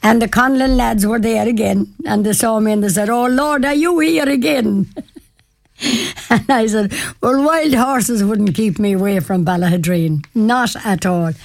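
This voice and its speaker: A woman's voice: a little high, unhurried, gravelly, no room sound. Chatty older Irish woman from Mayo. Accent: Irish, County Mayo. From Ireland. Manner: chatty, warm-hearted, repeats herself, laughs often. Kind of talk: casual storytelling.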